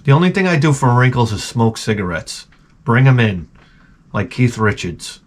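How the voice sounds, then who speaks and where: A man's voice: medium pitch, big pitch swings, normal speed. A middle-aged man hosting his own show, telling a profane, rambling, self-mocking story full of stammered restarts. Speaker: show host. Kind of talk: casual comedic rant.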